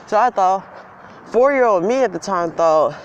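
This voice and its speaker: A man's voice: high-pitched, animated, normal speed, lo-fi sound, slight background noise. A young man telling a personal story outdoors in a casual, rambling, emphatic way. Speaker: vlogger. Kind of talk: storytime vlog. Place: outdoors in the cold.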